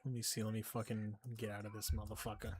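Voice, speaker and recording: Talking fast in a fairly low, monotone voice, a young man chats casually during a game stream, with a little hiss or hum in the audio. Constant swearing, frequent jokes and laughter, and a tired edge mark his stream chat.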